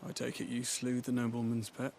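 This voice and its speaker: An actor playing a weary, cynical man who buries the dead, speaking in a calm, dry, sardonic way. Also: mid-range voice, fairly quick, vocal fry, a little hiss or hum, lightly acted. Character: weary cynical male gravedigger in service.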